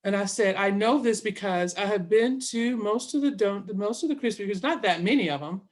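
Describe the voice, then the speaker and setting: A woman's voice: mid-range voice, brisk. A middle-aged woman telling a long story in a casual interview, acting out both sides of the conversation. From Southern US. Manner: animated, quotes herself and others in dialogue.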